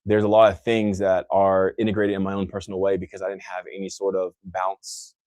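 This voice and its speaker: Casting: young man from Texas, odd self-made accent, lowish voice, loose rambling livestream host, dry close sound. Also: monotone, fairly quick, a little mellow, no echo. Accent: own mixed accent, not Texan. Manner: loose, rambling, many fillers and restarts. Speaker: livestream host answering viewer questions. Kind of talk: casual live Q&A.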